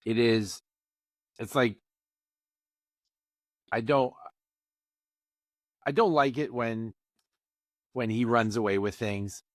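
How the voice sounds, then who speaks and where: A man's voice: medium pitch, slow, pauses often, no echo. Brief: rambling podcast co-host, man, mid voice, close dry mic. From Canada. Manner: rambling, animated, lots of restarts. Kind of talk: casual chat.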